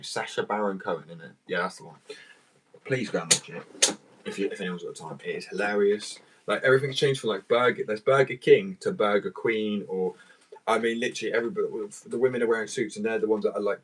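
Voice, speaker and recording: Drowsy on a muscle relaxant, a man rambles casually for a vlog, swearing freely and sounding loose and laid-back. His voice is on the low side and slightly rough, and the audio is poor.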